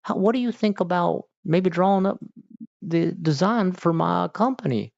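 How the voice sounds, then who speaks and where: A man voicing a pushy, cheapskate grown-up parent in a mocking, high, country-drawl voice. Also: normal speed, gravelly, darkish tone, no room sound. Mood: wheedling. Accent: country drawl, put on. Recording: dull lo-fi stream audio.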